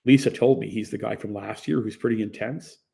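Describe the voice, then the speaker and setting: A man voicing a quiet, concerned young woman who speaks softly and plainly in an audiobook. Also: fairly low pitch, fairly even intonation, brisk, vocal fry.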